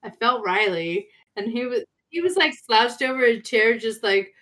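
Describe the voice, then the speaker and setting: A woman's voice: a little high, animated, normal speed, fairly bright tone. A woman co-hosting a casual podcast, adding wry, profane, jokey asides about the episode. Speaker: podcast co-host. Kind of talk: casual chat.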